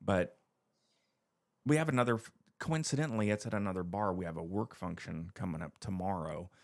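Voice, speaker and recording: A man's voice: low voice, brisk, no echo, studio quality. A man on a casual podcast chat, telling stories animatedly and acting out what people said. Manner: animated storytelling, acts out quotes. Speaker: podcast co-host.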